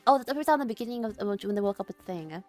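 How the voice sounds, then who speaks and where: A young adult woman streaming a visual novel, talking in a chatty, flustered way with lots of fillers and quick apologies. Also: mid-range voice, lively intonation, a little mellow, faint music behind. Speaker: VTuber streamer. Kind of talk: casual game stream with visual novel read-aloud.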